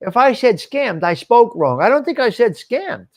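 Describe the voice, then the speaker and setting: A man's voice: very high-pitched, very animated, normal speed. A man hosting a live stream show, chatting casually and answering viewer comments by name in a rambling, swearing way.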